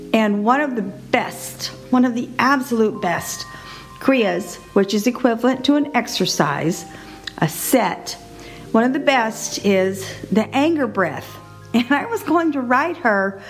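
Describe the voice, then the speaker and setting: Middle-aged woman hosting a solo podcast; chatty, animated, pitched a bit high, soft music under her. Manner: chatty, laughs often, animated. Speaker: podcast host.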